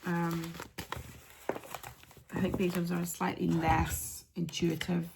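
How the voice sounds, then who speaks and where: Female craft-podcast host, casual and chatty, heavy vocal fry, faint background noise. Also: fairly low pitch, monotone, slow. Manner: chatty, with many ums and soft asides. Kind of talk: casual chat showing yarn and patterns.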